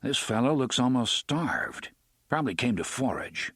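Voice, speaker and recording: A man voicing a calm, terse gunslinger who speaks in a dry, matter-of-fact way. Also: mid-range voice, moderate pace, slightly rough, no echo.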